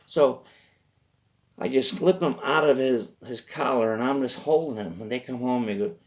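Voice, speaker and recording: A male host tells a rambling comic story from his youth, interrupting himself with lots of asides. His voice is medium in pitch and moves at a moderate pace.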